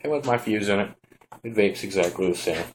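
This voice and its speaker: A man giving a relaxed, rambling hands-on product review at home, talking to the camera as he shows the device. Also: fairly low pitch, a little fast, a little hiss or hum.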